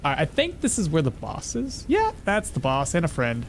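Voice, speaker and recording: A man's voice: a little high, huge pitch swings, fairly quick, slight background noise. A man streaming a video game, chatting casually, thinking aloud and answering his chat as he plays. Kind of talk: live gameplay commentary.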